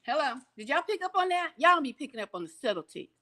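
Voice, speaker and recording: Bright high-voiced woman preaching commentary. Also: very animated, fast. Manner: preachy, rhetorical questions, laughs, slips into voices. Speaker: commentator reacting to a press clip. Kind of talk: animated commentary.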